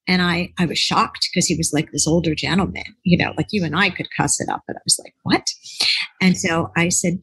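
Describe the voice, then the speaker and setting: Husky, low-pitched woman telling a rambling story. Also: moderate pace, no room sound, poor audio. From United States. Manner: rambling, animated, acts out quoted voices. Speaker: author and relationship expert, podcast guest. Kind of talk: casual interview storytelling.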